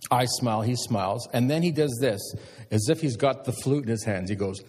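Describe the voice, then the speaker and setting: A middle-aged man, a pastor preaching a sermon and telling stories with animated emphasis. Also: medium pitch, a little fast, slightly rough. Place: church sanctuary. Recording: long church hall reverb.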